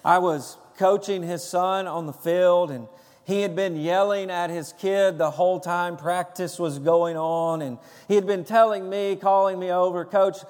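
A man's voice: high voice, fairly even intonation, a little slow, a little mellow. A man serving as a pastor, preaching a sermon and praying with an earnest, emphatic cadence in a church sanctuary. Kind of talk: sermon with prayer and storytelling. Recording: long reverb of a large hall.

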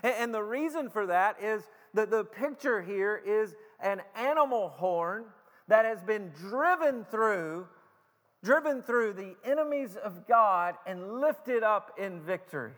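A man preaching a sermon as pastor, emphatic and halting, with repeated stammered starts and slowed, stressed phrases. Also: sits high, lively intonation, fairly bright tone. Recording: long hall reverb.

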